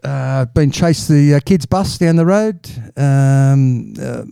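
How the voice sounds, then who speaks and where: A man's voice: medium pitch, takes it slowly, gravelly, warm tone, clean tone, no echo, clean studio sound. A middle-aged man with an Australian accent, telling long rambling jokes in a casual chat and stumbling over repeated words. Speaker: podcast regular telling jokes.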